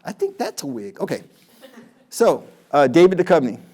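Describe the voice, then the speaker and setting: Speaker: man, slightly high voice, loose, jokey storyteller who restarts his sentences, motivational talk to a crowd. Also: big pitch swings, normal speed, mellow. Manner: chatty, jokey, many restarts.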